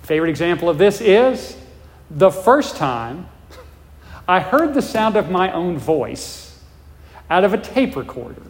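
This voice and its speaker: A male pastor delivers a sermon in a fairly high voice. He is emphatic, stacking rhetorical questions and repeating words as he builds his points. His voice rings out with a long reverb, as if in a large church hall. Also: very animated, a little slow, long pauses.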